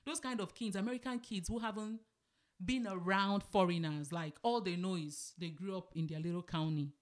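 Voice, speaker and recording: A woman's voice: lowish voice, normal speed. A woman from Nigeria in her thirties with a Nigerian accent, chatting casually as a podcast co-host and telling stories, laughing often and slipping into pidgin. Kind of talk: casual chat.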